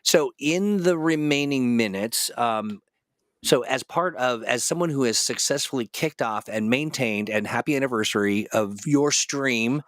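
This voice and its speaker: A man's voice: mid-range voice, a little slow, fairly bright tone, no echo, studio quality. A man hosting a casual interview over a video call, chatty and restarting his sentences often. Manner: chatty, with frequent restarts and fillers. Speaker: host.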